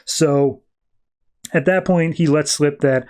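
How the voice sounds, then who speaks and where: Podcast guy rambling thru a comic recap, kinda high voice. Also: steady tone, takes it slowly, a little mellow. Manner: rambling, slips into quoted voices. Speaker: podcast host.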